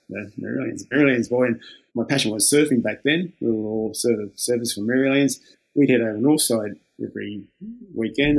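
With a medium-pitched, slightly rough voice, an older Australian former lifeguard spins easygoing yarns. He plays out the back-and-forth dialogue himself and laughs frequently as he goes.

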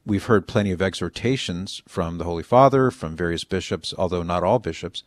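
Male host, very low voice, dry close sound, thoughtful and deliberate. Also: no echo. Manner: measured, deliberating, frequent restarts. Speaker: host answering a caller. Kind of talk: call-in advice on faith.

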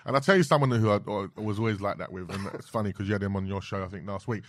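A man, a podcast guest talking in lively street slang. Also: fairly low pitch, no echo, studio quality. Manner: animated, heavy slang, quick interjections. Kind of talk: casual chat.

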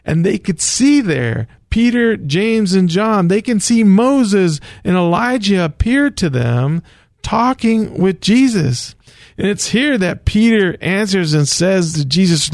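A man's voice: high voice, animated, slow pace, gravelly, no room sound, clean studio sound. A man hosting a radio show, retelling scripture stories in an earnest, storytelling way. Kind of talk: slow radio Bible teaching.

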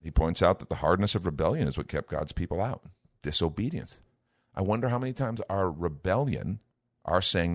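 A man's voice: low-pitched, lively intonation, fairly quick, dry recording, studio quality. A middle-aged man, a minister, teaching from the Bible in an earnest, conversational way. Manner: earnest, lifts his voice to act out everyday speech.

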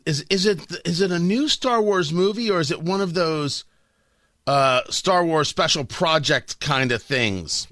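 Into a studio broadcast mic, a middle-aged man hosting talk radio delivers a combative, sarcastic monologue on a dry recording. His delivery lurches from low mutters up to loud, mocking outbursts.

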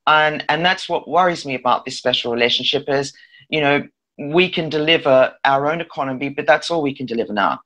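A woman's voice: sits low, a little fast, fairly bright tone. A woman co-hosting a casual political chat, blunt and teasing with a wry edge. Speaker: podcast co-host.

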